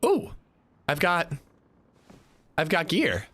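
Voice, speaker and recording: Animated chatty male streamer. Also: fairly high pitch, slow. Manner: chatty, animated, rambling with fillers. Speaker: livestreamer. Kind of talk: casual gaming livestream chat.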